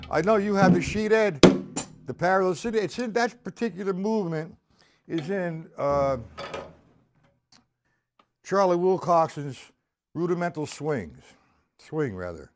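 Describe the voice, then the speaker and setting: A man's voice: sits high, animated, measured pace, long pauses, music in the background. A man teaching drums on a live stream, explaining step by step and talking straight to viewers by name in a blunt, informal way. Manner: blunt and informal, with the odd curse. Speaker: drum teacher. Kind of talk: live-streamed drum lesson.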